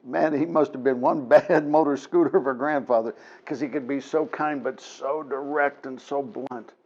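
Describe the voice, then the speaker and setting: A man's voice: mid-range voice, steady tone, moderate pace, dull audio. A middle-aged man hosting a TV program, telling a motivational story in a folksy, emphatic way with bursts of laughter. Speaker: TV program host.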